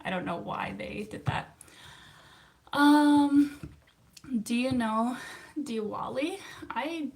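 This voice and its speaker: Chatty woman with a gravelly edge. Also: fairly high pitch, slow, long pauses, a little mellow. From Canada. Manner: chatty and upbeat, laughs often, self-teasing. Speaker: therapist. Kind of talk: casual livestream chat, answering viewer comments.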